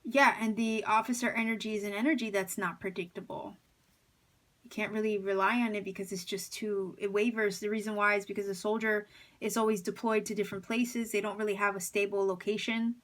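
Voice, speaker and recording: A woman reading tarot cards for her viewers, speaking at a middle pitch. She has a slight lisp and muses her way through each card, pausing with fillers and restarting her sentences. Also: level tone, a bit bright. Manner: musing, hesitant, many fillers and restarts. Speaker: tarot reader.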